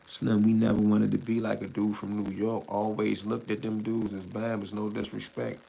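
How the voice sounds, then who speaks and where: A man's voice: lowish voice, flat delivery, normal speed, gravelly, dark tone, husky. A man from Washington, D.C., with a D.C. accent, hosting a livestream and ranting back at chat in blunt, heated, profane street talk. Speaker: livestream host. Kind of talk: casual livestream rant answering chat.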